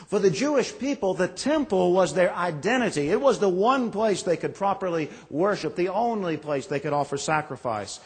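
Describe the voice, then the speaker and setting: A man's voice: fairly high pitch, slightly rough. A pastor in his forties preaching a sermon, reading scripture and telling folksy stories with self-deprecating jokes. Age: 40s. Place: church sanctuary. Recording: long echo of a large church.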